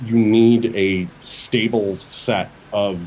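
Fast-talking opinionated man. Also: lowish voice, fairly even intonation, slight background noise, rough recording. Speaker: co-host. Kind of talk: casual gaming podcast chat.

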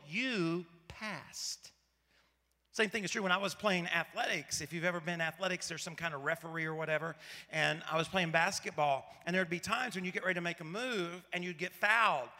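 A pastor from Arkansas, preaching a sermon in a conversational, storytelling way and asking the audience rhetorical questions. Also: male voice, high voice, pushed and bright, in a large hall. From Arkansas, USA.

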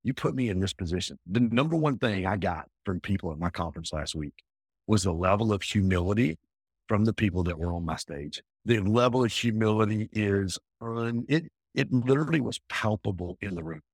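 A man talking as an entrepreneur guest in a casual interview, emphatic and energetic, often repeating himself. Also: lowish voice, a little fast, slightly rough, dry recording, clean studio sound.

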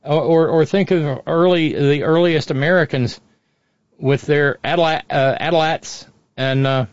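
A man's voice: fairly high pitch, a little slow, no echo. A man giving off-the-cuff political commentary, sardonic and profane, rambling with frequent restarts. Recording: dull, dry lo-fi audio.

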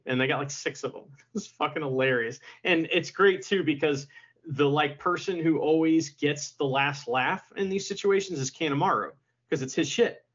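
A husky man with a fairly high voice talks loosely as a podcast co-host, laughing often and slipping into goofy voices when he quotes people. The sound is dull and lo-fi. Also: normal speed, a bit bright. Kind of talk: casual chat.

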